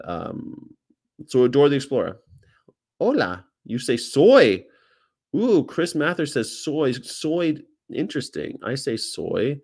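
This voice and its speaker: A man with an American accent hosting a casual livestream, reading viewer comments and rambling with jokes and casual swearing. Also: medium pitch. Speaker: host.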